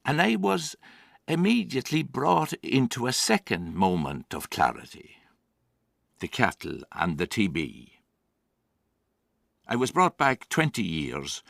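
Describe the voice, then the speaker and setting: A man's voice: sits low, very animated, measured pace, vocal fry, a bit bright, no room sound, full character voice. An actor playing an older Irish grandfather and former farmer who tells his story in a wry, dry theatrical monologue. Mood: grim.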